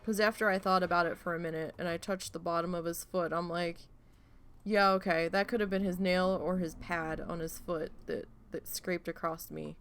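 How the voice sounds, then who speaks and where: Gravelly-voiced woman streamer, rambling. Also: lowish voice, normal speed, a little hiss or hum. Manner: rambling, swears freely, animated storytelling. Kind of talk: casual chat while gaming.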